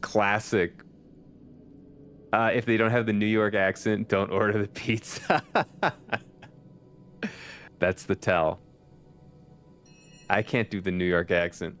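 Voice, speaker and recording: A man's voice: fairly low pitch, slow pace, long pauses, a bit bright, clean tone. A man streaming a video game, chatting casually with his viewers, laughing often and swearing now and then. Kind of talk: casual chat while gaming. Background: faint background music.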